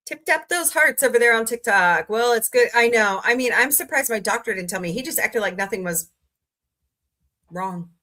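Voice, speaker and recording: A woman hosting a casual livestream, greeting viewers by name and listing her channels, tired and low on energy today. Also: animated, normal speed, pushed and bright. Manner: chatty, greets viewers by name, rattles off lists. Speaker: livestream host.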